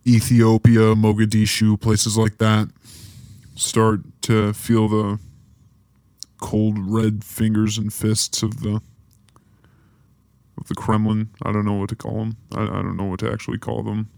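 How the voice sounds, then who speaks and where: A man's voice: lowish voice, completely flat delivery, unhurried, creaky, pauses often, darkish tone, no echo. A man hosting a podcast, reading through a history timeline and breaking off with offhand, joking asides. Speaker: podcast host. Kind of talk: casual podcast history rundown.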